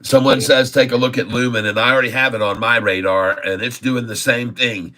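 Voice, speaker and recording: A man's voice: medium pitch, steady tone, brisk, pushed and bright. A man hosting a stock trading livestream, talking emphatically, repeating his points and calling the audience "folks.". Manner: emphatic, repeats himself, keeps addressing "folks". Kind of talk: casual market commentary.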